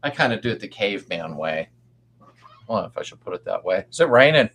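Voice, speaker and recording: A man's voice: lowish voice, sing-song, quick pace, a bit bright, slightly rough. An older man hosting a casual livestream, rambling in a folksy way as he answers viewers and greets them by name. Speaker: livestream host. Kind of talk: casual live-stream chat.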